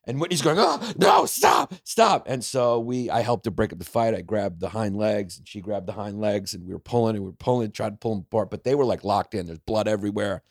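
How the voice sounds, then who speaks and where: A man from Brooklyn, a comedian guest on a podcast, telling stories in quick, joking, profane chat. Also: fairly low pitch, a little mellow, no echo, clean studio sound. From Brooklyn, New York. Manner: quick, joking storyteller, swears freely.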